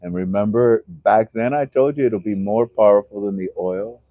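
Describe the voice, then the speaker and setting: A man hosting a casual livestream who prays, jokes with friends and addresses listeners as ladies and gentlemen. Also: lowish voice, normal speed, no room sound, muffled recording. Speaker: host of a currency livestream. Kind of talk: casual livestream talk with prayer. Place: on the west side of Oahu with friends.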